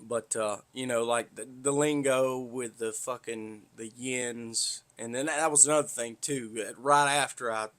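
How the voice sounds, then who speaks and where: A man's voice: medium pitch, steady tone, unhurried, few pauses, a bit bright. A man from north Florida with a Southern accent, hosting a podcast in a rambling, profane, blunt monologue. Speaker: podcast host. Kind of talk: casual monologue.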